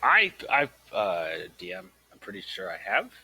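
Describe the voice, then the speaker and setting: A man's voice: deep voice, sing-song, normal speed, sharp tone, breathy edge, rough recording. A man playing a tabletop game in a breezy, laid-back way. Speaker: player. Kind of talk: tabletop role-play.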